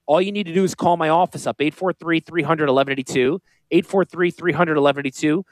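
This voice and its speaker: A man with a northern US accent hosting a radio show, talking in a high-pitched voice, joking and rambling off on tangents. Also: fast talker, dry recording. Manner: animated, joking, goes off on tangents. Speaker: radio show host and financial planner.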